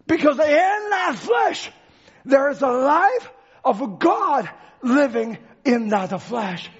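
A male preacher giving a dramatic sermon, swinging from shouts to hushed lines, on a dull lo-fi recording. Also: extremely high pitch, sing-song, slow pace.

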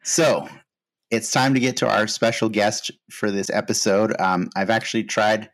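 A man hosting a podcast in casual chat, relaxed and hesitant, with frequent fillers. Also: lowish voice, moderate pace. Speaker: podcast host.

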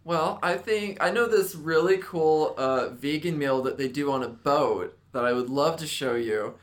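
A man's voice: a little high, a little slow, natural voice. A man playing a flirty, show-off vegan woman contestant in an improvised dating-show sketch. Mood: coy. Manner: coy, boastful.

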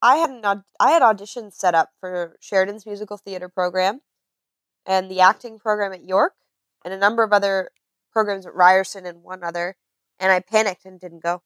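A woman chatting casually, telling lively stories and acting out other people's voices. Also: mid-range voice, fairly quick, no echo. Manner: animated storyteller, acts out voices with laughter. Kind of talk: casual chat.

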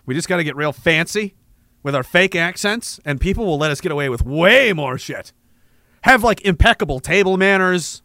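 A male livestream host reads out viewer messages and riffs on them, cursing, rambling and breaking into laughs. His voice sits high and moves in lively leaps, with a bright edge. The sound is dry and close. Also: normal speed, no room sound. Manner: profane, rambling, laughs often. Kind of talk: casual livestream chat.

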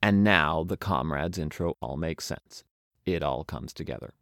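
A young man reads out his backpacking journal in a wry, self-mocking tone. His voice sits low, and the recording is dry and close with no room sound. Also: a little slow, vocal fry, a bit bright, no echo. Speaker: travel podcast narrator. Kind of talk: reading a travel journal aloud.

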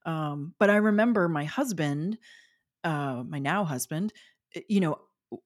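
A woman in her forties, her voice sitting low, speaks expressively and a little slowly. She's a guest in a casual interview, telling personal stories in a chatty way full of fillers and frequent laughter.

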